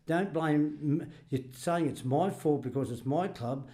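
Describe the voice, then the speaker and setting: In a relaxed storytelling chat on a podcast, a retired greenskeeper in his sixties, Australian-accented, laughs his way through amusing tales of his working years. His voice is a little high and warm, and a touch slow.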